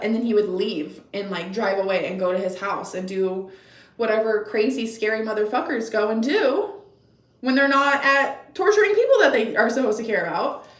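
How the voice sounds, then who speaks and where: A young woman spins a casual storytime tale for her vlog, blunt and animated, cursing freely. Her voice sits a little high. She is a bit back from the mic in an echoey room. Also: distant mic. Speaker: vlogger.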